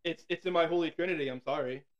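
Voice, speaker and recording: A man guesting on a casual podcast, easygoing and a little hesitant, speaking into a boom microphone. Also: fast talker, lo-fi sound. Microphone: boom mic.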